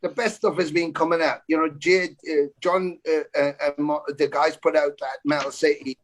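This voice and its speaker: A man, a rock singer, talking fast and emphatically on a casual video chat, with some swearing. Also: on the high side, little pitch movement.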